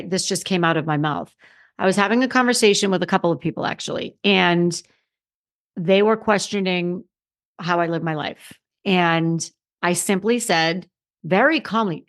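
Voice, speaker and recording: A woman's voice: on the low side, fairly bright tone. A middle-aged woman hosting her own podcast as a confidence coach, talking to listeners in a conversational, emphatic way and often restarting her sentences. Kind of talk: solo podcast monologue.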